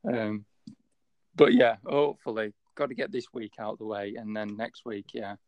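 A man's voice: lowish voice, moderate pace, darkish tone, no room sound. A man with a Yorkshire accent co-hosting a casual podcast, rambling and hesitant with many fillers. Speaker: podcast co-host.

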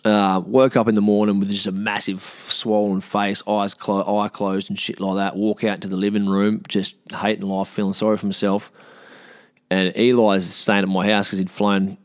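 A man's voice: moderate pace, dry recording, studio quality. A young man casually telling a story, swearing freely and acting out the people he quotes. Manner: animated, swears, acts out quoted voices higher.

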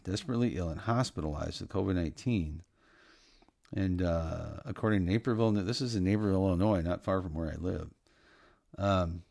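A middle-aged man with a low, gravelly voice gives casual Christian commentary. He sounds earnest and preachy and often stops to restart a thought. The recording is close and dry, with no room sound. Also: a little mellow, no echo.

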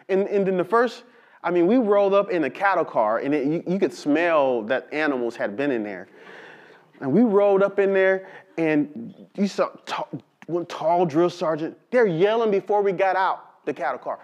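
A man preaching a sermon, reading scripture slowly and telling lively stories with call-and-response. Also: high voice. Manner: animated storytelling with call-and-response to the congregation; slow, drawn-out emphasis on scripture. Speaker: pastor.

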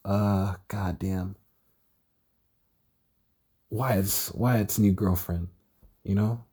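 Very slowly and with fairly even intonation, a young podcast host rambles about a TV show on his casual solo show. His fairly low voice is mellow and slightly rough, and he sounds tired, stuttering and swearing.

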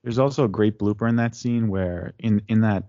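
A man co-hosting a podcast in casual chat, animated and acting out lines from scenes. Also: fairly low pitch, fairly quick, no echo, highs cut off. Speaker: podcast co-host.

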